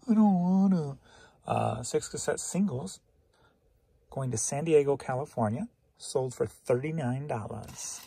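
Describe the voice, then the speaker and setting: A man's voice: mid-range voice, creaky, warm tone, breathy edge, no room sound. A tired man rambling through a casual solo vlog about his sales, teasing himself and laughing to himself. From St. Louis, Missouri. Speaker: reseller vlogger.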